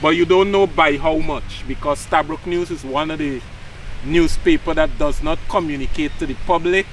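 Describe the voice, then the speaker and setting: A man with a Guyanese accent co-hosting a casual political talk show, measured and questioning. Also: fairly high pitch, distant mic, a little hiss or hum, low-quality recording. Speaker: co-host.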